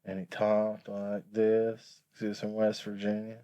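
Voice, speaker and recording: A man's voice: fairly low pitch, monotone, measured pace, mellow, clean tone. A man co-hosting a podcast, telling rambling stories in casual chat and chuckling mid-sentence. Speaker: podcast co-host.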